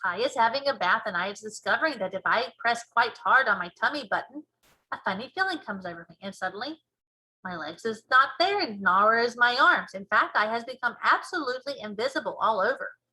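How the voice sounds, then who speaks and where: A woman teacher reading a children's book aloud with lively, expressive storytelling. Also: on the high side, fairly quick, husky, rough recording.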